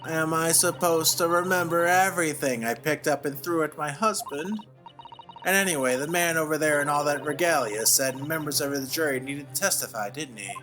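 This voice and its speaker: A woman's voice: low-pitched, normal speed, fairly bright tone, faint music behind. A man voicing a flustered, defensive housewife on a jury, fussy and indignant as he reads game dialogue aloud. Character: flustered middle-aged English housewife juror, defensive.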